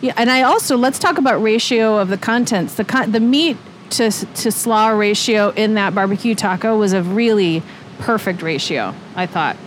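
A woman's voice: mid-range voice, moderate pace, slight background noise. A woman guest chatting casually and correcting herself as she goes, on a moving streetcar. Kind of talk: casual chat. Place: riding a city streetcar.

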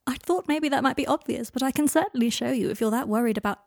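A woman's voice: high-pitched, quick pace, vocal fry, darkish tone, no room sound, studio quality, voice pushed up. A woman voicing a wry, teasing young man in a read-aloud story, fond and playful in manner.

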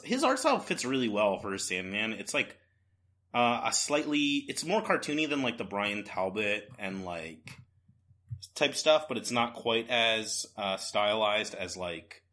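A man's voice: lowish voice, pushed and bright. A man co-hosting a casual podcast chat about comics, loose and conversational with many fillers. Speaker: podcast co-host. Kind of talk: casual comic book discussion.

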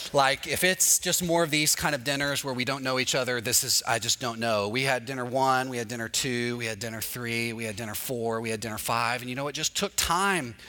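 A man, a pastor, telling a humorous personal story in a sermon and acting out the dialogue. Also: medium pitch. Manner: animated, acts out dialogue with humor. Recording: long reverb of a large hall.

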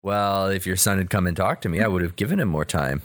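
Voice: sits low, quick pace. A podcast co-host chatting casually, chiming in with comments and jokes about a cartoon. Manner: relaxed, chimes in with comments and jokes. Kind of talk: casual chat.

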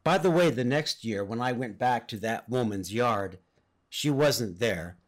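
A man's voice: medium pitch, animated, a little slow. A middle-aged man from Southern California preaching a sermon, telling a personal story in an earnest way.

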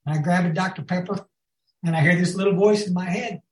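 Fast and steady, a man with a high voice gives a recovery talk to a group, full of folksy stories. He calls them "y'all" and keeps checking that they're following. The room echoes audibly.

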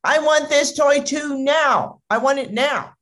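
A spoiled little boy, as a speaker puts him on, shouts demands in a shrill, high voice. He is bossy and will not wait. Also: moderate pace. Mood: demanding.

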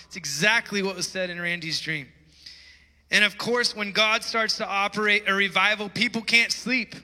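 A pastor preaching a sermon to his church, excitable and getting loud when he is stirred up. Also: on the high side. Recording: preaching in a reverberant church hall.

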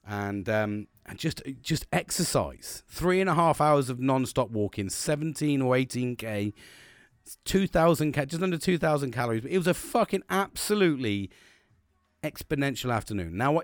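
Man, vlogger, casual motivational talk, rambling, earnest, sweary, mid-pitched voice, dry close recording. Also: very animated, normal speed, no room sound.

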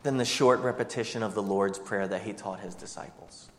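A pastor preaches a sermon in a lowish, slightly fast voice, firing one rhetorical question after another at the congregation and shifting his pace. The recording carries a long hall reverb.

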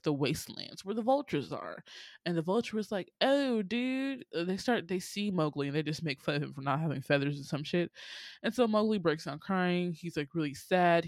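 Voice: mid-range voice, no room sound, clean studio sound. A speaker casually retelling a cartoon plot in slangy, chatty speech full of fillers. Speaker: film recap host.

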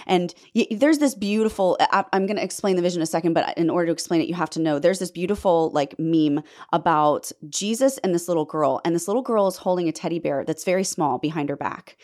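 This is a young woman sharing a personal faith testimony, speaking straight to her audience. She tells it dramatically and with intensity, her voice leaping high whenever she hits a key point, then dropping low and quiet. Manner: intense, dramatic storytelling with sudden pitch leaps when emphatic. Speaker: faith vlogger telling a personal story.

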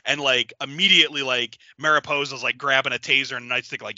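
A man in casual brainstorming chat, animated and quick to jump into character voices. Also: no echo, lo-fi sound. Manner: animated, jumps into high-pitched character voices. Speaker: co-writer planning a horror story.

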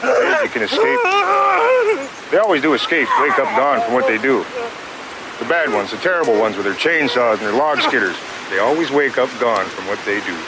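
An actor playing a calm, mocking, unhinged man who taunts a bound captive, heard in film audio over loud rain. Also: mid-range voice, a little fast, very noisy, lightly acted. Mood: coldly mocking.

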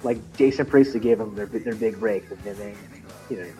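A man's voice: fairly low pitch, fairly quick, mellow, rough recording. A man chatting casually about nineties music, rambling through restarts and "like" as he hunts for his point. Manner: rambling, many restarts and fillers.

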